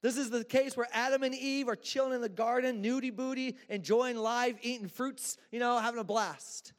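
A man's voice: very high voice, fairly even intonation, normal speed. A man preaching a sermon in a church, casual and joking with slang. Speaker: pastor. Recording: echoey church hall.

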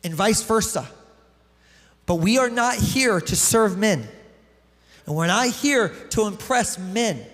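A man with a high voice preaches a sermon, reading scripture and then talking it through in a relaxed, conversational way. His voice rings out with a long hall reverb, as in a church hall. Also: slow pace. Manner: reads scripture aloud, then explains it conversationally. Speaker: pastor.

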